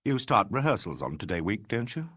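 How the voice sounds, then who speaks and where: A man's voice: lowish voice, sing-song, brisk, a bit bright, breathy edge, no echo, full character voice. A man voicing a dry, understated painter in a mystery audiobook. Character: dry, laconic male painter.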